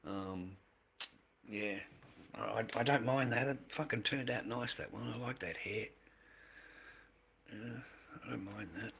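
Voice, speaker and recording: Bright-voiced rambling Australian man. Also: fairly low pitch, unhurried, creaky, pauses often, breathy edge. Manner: rambling, repeats himself, calls viewers mate and man, swears. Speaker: livestreamer selling handmade masks. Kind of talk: casual livestream chat.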